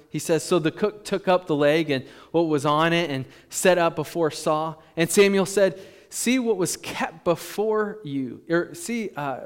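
Animated preacher in a reverberant hall. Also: male voice, fairly high pitch. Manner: animated, acts out quoted voices, rises loud when emphatic. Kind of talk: sermon.

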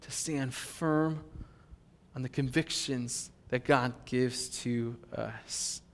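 A male pastor preaching a sermon in an animated, emphatic way. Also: medium pitch, takes it slowly. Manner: animated, emphatic, with fillers and restarts. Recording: long hall reverb.

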